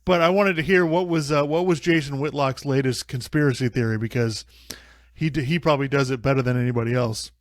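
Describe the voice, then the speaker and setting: A man's voice: medium pitch, fast, dry recording, clean studio sound. A man co-hosting a casual sports podcast, arguing his points emphatically and insistently. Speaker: podcast co-host. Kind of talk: casual chat.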